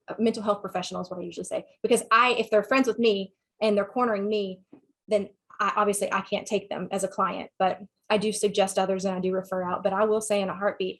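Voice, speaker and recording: A woman's voice: medium pitch, little pitch movement, fast. A woman with a Southern US accent, a sex therapist giving a talk and answering questions in a frank, conversational way.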